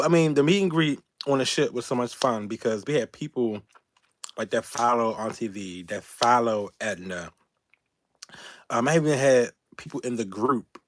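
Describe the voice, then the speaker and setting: Man, animated storytelling, laughing and cussing, dry close sound. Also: medium pitch, dry recording. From Baltimore, Maryland. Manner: animated, laughing, profane, quoting others in raised voices. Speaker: YouTube channel host. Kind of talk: casual storytelling livestream.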